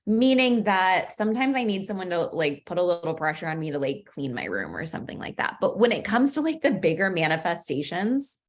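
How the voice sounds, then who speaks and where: A woman's voice: on the low side, very animated, brisk, few pauses. A woman coach giving a masterclass, talking casually and playfully, often saying "like", swearing now and then, and asking the listener rhetorical questions. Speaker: manifestation coach. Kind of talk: recorded masterclass talk.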